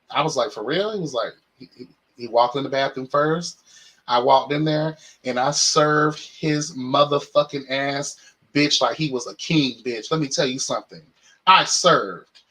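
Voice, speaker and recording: A young man hosting a casual chat show, telling a story in a flamboyant, sassy, animated way and speaking straight to his listeners. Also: medium pitch, husky, low-quality recording. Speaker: podcast host.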